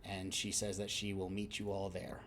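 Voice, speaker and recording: A man's voice: low-pitched, completely flat delivery, normal speed, fairly bright tone, slight background noise. A man narrating a tabletop game as game master, rambling through fillers and frequent laughter.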